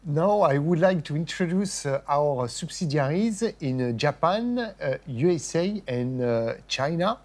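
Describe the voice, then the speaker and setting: A man hosting a product launch livestream, speaking haltingly with many fillers. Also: fairly high pitch, expressive.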